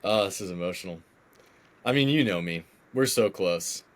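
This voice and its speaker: A male podcast guest telling an emotional personal story, animated and acting out the dialogue of the people in it. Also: deep voice, normal speed. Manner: animated storyteller who acts out quoted dialogue. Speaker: guest, former game contestant.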